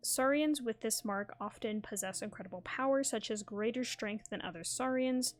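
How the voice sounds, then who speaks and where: A courteous, formal male scholar, read aloud by a woman in her own everyday voice. His speech is careful and apologetic, with measured pauses. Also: fairly high pitch, faint music behind, natural voice. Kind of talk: reading game dialogue aloud.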